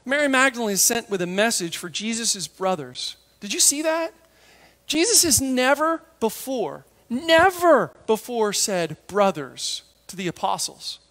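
A male preacher with a fairly high voice delivers a lively sermon. He slips into the voices of biblical figures as he tells the story and sinks to a near whisper for the tender parts. The delivery is expressive and conversational. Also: measured pace, long reverb tail. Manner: drops to a hush for tender moments.

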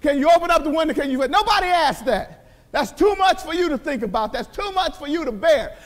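A pastor preaching a sermon in a church, emphatic and repetitive, often crying out hallelujah. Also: male voice, very high-pitched, animated, a little fast, long reverb tail. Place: church sanctuary.

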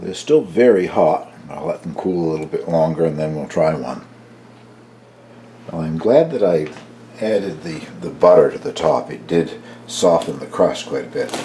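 An older man casually narrating his home baking for a cooking video, chatty and relaxed, tasting as he talks. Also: sits low, noisy background. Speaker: home baker, channel host.

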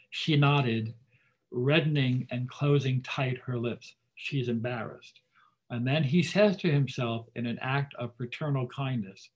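A middle-aged man giving a literature lecture. He reads quoted passages slowly and with emphasis, then explains them in a conversational way, with some fillers. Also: mid-range voice, rough recording. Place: library talk, livestream.

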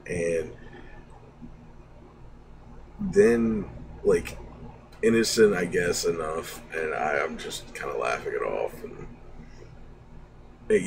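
A young man with a very deep, gravelly voice rambles through a story at a slow, unhurried pace, often laughing and restarting his sentences. He sits some distance from the mic, and steady background noise runs under his voice. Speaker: streamer. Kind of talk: casual storytelling.

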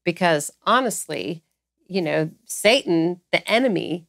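A woman hosting a podcast discussion, speaking earnestly and slowing down to stress key phrases. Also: lowish voice, expressive, gravelly, fairly bright tone, no room sound, studio quality. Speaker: host.

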